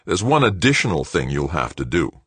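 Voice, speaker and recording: A deep-voiced male narrator voicing a sullen young man whose voice climbs high and whiny when he is thrown out. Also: sing-song, a little fast, a bit bright, slightly rough, no room sound, exaggerated voice. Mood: insistent. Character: young adult man, sullen, petulant son.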